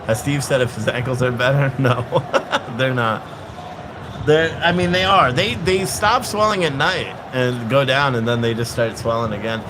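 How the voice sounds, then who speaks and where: A man talks his way through a live stream in a loose, rambling way, often breaking off and restarting his sentences. His voice sits at an ordinary mid pitch. He keeps the tone jokey and casual, cracking jokes at his own expense. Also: moderate pace, noisy background. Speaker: livestream host.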